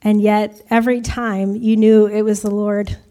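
An American woman with a warm, level, medium-pitched voice speaks at a moderate pace, giving a chatty testimony to a church congregation about her mission work. She laughs often as she talks.

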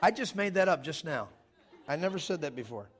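High-voiced preacher, loud and emphatic. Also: male voice, animated, a little fast, a faint crowd. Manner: emphatic, swings between loud scripture reading and joking asides. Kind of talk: sermon with humor. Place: church, live congregation.

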